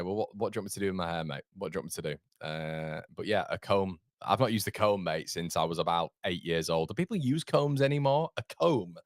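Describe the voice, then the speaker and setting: A man's voice: sits low, fairly bright tone, no room sound, studio quality. A young man hosting a live football transfer chat, chatty and cheeky as he reads out viewer comments. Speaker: host.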